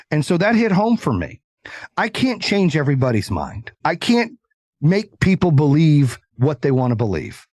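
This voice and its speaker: Male entrepreneur guest, blunt, animated storyteller, dry studio sound. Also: on the high side, moderate pace, dry recording. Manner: animated storyteller, acts out quoted voices; confident, blunt. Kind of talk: casual interview chat.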